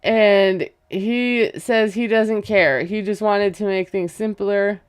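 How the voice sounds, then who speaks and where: A woman's voice: mid-range voice, fairly even intonation, slow pace, smooth, no room sound, clean studio sound. A woman casually recapping a reality show, chatty and gossipy, acting out quotes and laughing as she goes. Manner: gossipy, retells scenes with quoted voices and laughs.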